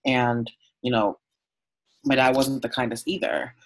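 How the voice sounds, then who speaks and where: A man's voice: mid-range voice, flat delivery, a little slow, poor audio. A man from Southern California, a podcast guest, speaking candidly and from the heart, with frequent "um" and "like" in a conversational interview. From Southern California, USA. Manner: open, heartfelt storytelling with frequent "um" and "like".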